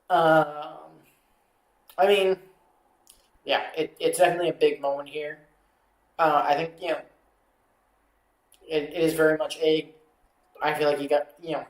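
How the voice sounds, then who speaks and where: A man does amateur play-by-play for a watchalong stream, his voice sitting slightly high. He drifts into filler-heavy, self-deprecating chatter between snaps. The sound bounces around an echoey room. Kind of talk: live amateur play-by-play commentary with casual asides.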